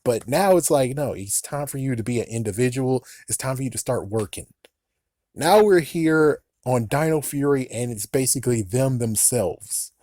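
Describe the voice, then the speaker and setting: A man's voice: mid-range voice, lively intonation, moderate pace, a little mellow, no room sound, clean studio sound. Ranting man in casual commentary. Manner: ranting, swears often, laughs between remarks. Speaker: YouTuber giving opinions.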